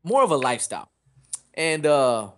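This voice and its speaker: A man hosting a podcast in casual chat, joking with drawn-out, teasing delivery. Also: fairly high pitch, sing-song, a bit bright. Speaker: podcast host.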